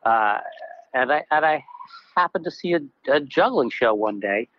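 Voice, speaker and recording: A man's voice: mid-range voice, expressive, moderate pace, dull audio. A man from Louisiana, an entertainer, telling stories from his career with wry, self-mocking humor. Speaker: juggler and entertainer. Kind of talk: casual interview storytelling.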